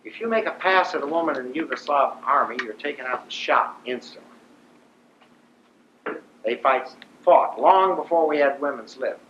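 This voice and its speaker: An older man from Ohio, a veteran, telling his wartime story in a vivid, animated storytelling manner. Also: mid-range voice, normal speed, a little hiss or hum. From Ohio, USA. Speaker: veteran speaker. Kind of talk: storytelling talk. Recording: roomy dull lo-fi recording.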